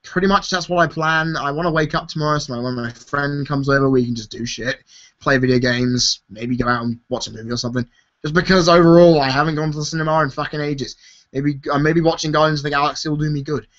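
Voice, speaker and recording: A worn-out man runs a casual live-stream Q&A, his voice a bit high and sharply bright. He swears easily and laughs a lot. The stream audio sounds dull and lo-fi. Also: steady tone, fast talker. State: tired. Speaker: YouTube host answering viewer questions.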